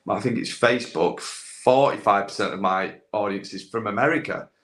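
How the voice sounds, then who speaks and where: A young man with a lowish, slightly bright voice talks at a normal speed. He's a podcast guest who owns a landscaping business and has a social media following, and he chats casually, rambling with plenty of fillers and restarts.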